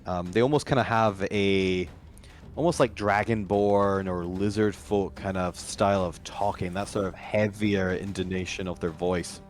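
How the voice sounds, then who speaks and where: A man's voice: deep voice, steady tone, normal speed. A man narrating as game master, rambling with many fillers and restarts.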